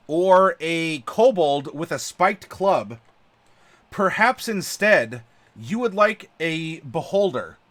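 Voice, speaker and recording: Chatty host, slightly high voice. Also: male voice, fairly bright tone. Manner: chatty, laughs often, many fillers. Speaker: channel host. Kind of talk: casual live-stream chat.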